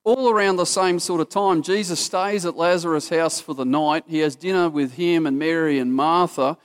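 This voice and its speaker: A man's voice: fairly high pitch, normal speed, clear, resonant tone. A man with an Australian accent preaching a casual, story-driven sermon that acts out what people in the story say.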